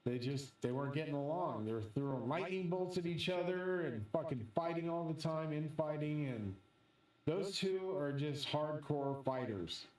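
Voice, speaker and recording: Brief: excitable, swearing male host, fairly high voice, rambling monologue, roomy echo, set back from the mic. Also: normal speed, far from the mic. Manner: profane, excitable storytelling. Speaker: channel host.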